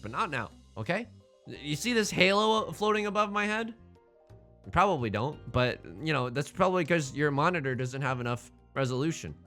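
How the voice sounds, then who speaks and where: Casting: bright, animated man, game commentator, self-mocking jokester, faint music underneath. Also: medium pitch. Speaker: let's play host.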